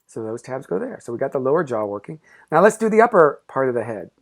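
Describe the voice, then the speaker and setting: Man with a lively, swooping voice, cheerful and encouraging, for a hands-on craft tutorial. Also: mid-range voice, fast talker, gravelly. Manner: upbeat, encouraging, playful. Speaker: pop-up book artist teaching a craft.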